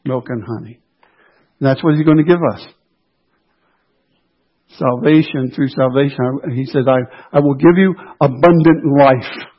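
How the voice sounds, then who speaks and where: A man preaching a sermon in a husky, slightly high voice. He drives his points home by repeating key phrases with emphasis. The recording sounds dull and lo-fi. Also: fairly even intonation, a little slow.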